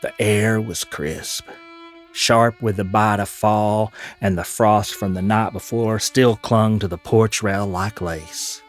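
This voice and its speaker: A man narrating a fantasy audio drama in a measured, storytelling way, with folksy Southern turns of phrase. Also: on the low side, steady tone, soft background music.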